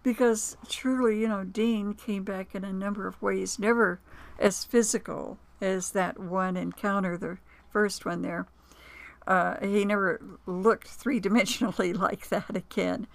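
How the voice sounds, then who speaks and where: A woman with a gravelly, creaky edge to her voice speaks as an interview guest. She tells personal stories in a reflective, conversational way, with small hesitations and acted-out quotes. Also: mid-range voice, steady tone, measured pace, no echo. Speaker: author and producer, interview guest. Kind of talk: conversational storytelling.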